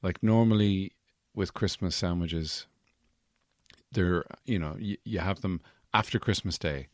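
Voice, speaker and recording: Man, podcast host, deadpan, hesitant, low-pitched, dry sound. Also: measured pace, no room sound. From Irish Midlands. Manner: deadpan, hesitant, full of fillers. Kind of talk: comedy podcast sketch.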